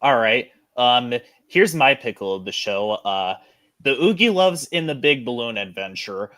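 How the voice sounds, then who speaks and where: A man's voice: medium pitch, lively intonation, measured pace, sharp tone, no echo. A man hosting a podcast in casual chat, rambling with many fillers and restarts. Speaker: podcast host.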